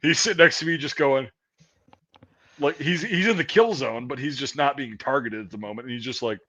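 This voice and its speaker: A man's voice: medium pitch, animated, fast talker, fairly bright tone. A man in his thirties telling profane, rambling army stories in casual chat. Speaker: podcast host. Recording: dull lo-fi audio.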